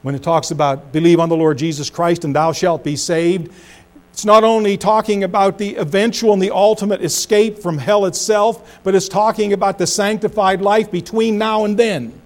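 A middle-aged pastor preaching with a fairly high voice. He swings from loud, emphatic phrases down to low, hushed ones, and his pace speeds up and slows down as he drives each point home. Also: fairly even intonation. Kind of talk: sermon.

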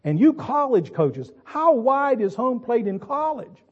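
A man doing a gruff old baseball coach. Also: extremely high pitch, very animated, measured pace, highs cut off, pitched above the performer's own voice, exaggerated voice. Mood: quizzing. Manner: barking, pointed questions to a crowd.

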